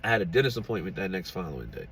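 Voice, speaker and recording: A man's voice: deep voice, very animated, rapid-fire, fairly bright tone, a little hiss or hum. Chatty man telling a personal story. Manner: chatty, laughing, peppered with "you know what I'm saying". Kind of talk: casual storytime.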